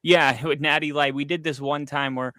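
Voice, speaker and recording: Young guy, kinda high voice, casual podcast chat, lots of likes and ums. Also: fairly even intonation, moderate pace, bright, forceful tone, no echo. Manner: storytelling, swears freely, lots of fillers. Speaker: podcast host.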